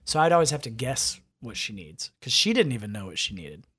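A man's voice: medium pitch, brisk, slightly rough. A man, a podcast guest and father, talking in a casual interview and acting out quotes as he tells stories. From United States. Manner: animated storyteller, acts out quotes.

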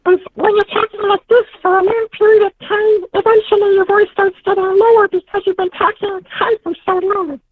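A man voicing a hyper cartoon little boy in a very high-pitched, childlike, sing-song voice. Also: little pitch movement, brisk, few pauses. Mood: chirpy. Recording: tinny phone-like call line.

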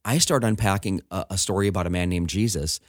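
A middle-aged man, a pastor, telling a personal story in casual conversation, animated and acting out the voices of the people in it. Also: low-pitched, fast talker, dry recording, studio quality.

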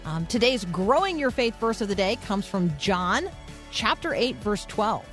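A woman's voice: mid-range voice, big pitch swings, unhurried, fairly bright tone, soft background music. A woman radio host giving a conversational Bible teaching in an earnest, explanatory way, thinking aloud as she goes.

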